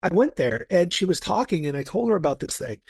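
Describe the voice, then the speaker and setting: An enthusiastic man talks as a guest in a casual podcast conversation, piling up stories and restarting his thoughts. His voice sits a little high with a husky edge. The sound is close and dry. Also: animated, quick pace, a little mellow, dry recording. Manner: eager, enthusiastic storyteller with many restarts. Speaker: guest, personality coach.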